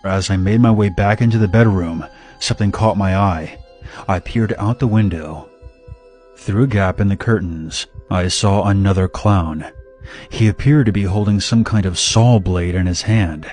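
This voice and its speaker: A man narrating a scripted first-person horror story in a steady, dramatic way. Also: deep voice, normal speed, faint music behind.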